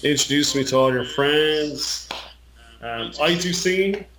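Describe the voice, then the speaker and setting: A man's voice: on the high side, lively intonation, measured pace, a bit bright, rough recording. A man from Ireland with an Irish accent, chatting casually on a podcast, rambling and joking with frequent restarts. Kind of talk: casual chat.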